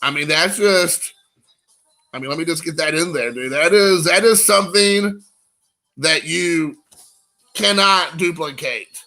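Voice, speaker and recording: A man's voice: fairly high pitch, measured pace, bright, forceful tone. A man in his forties hosting a casual card-collecting stream, joking and rambling at his chat viewers. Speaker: card-collecting show host.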